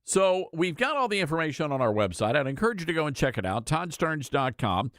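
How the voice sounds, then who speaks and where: A man's voice: on the high side, big pitch swings, brisk, a bit bright, no room sound, studio quality. A man hosting a talk radio show, reading quotes aloud with mocking, sarcastic asides. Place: radio studio. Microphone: studio microphone.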